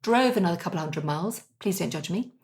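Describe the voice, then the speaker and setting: A middle-aged woman co-hosting a casual kitchen-table chat, telling animated stories and laughing often. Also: on the low side, quick pace. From England. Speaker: podcast co-host.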